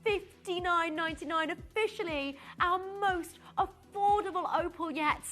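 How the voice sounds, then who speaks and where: A woman presenting live on a shopping channel from a TV studio, bubbly and giggly, with chatty asides between product pitches. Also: measured pace, a bit bright, soft background music.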